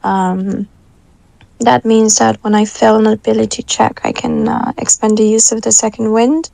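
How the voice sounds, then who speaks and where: A woman's voice: a little high, flat delivery, moderate pace, vocal fry, dark tone, no echo. A woman playing in a live tabletop game, explaining her rules methodically with filler words. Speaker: player. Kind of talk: live-play tabletop gaming talk.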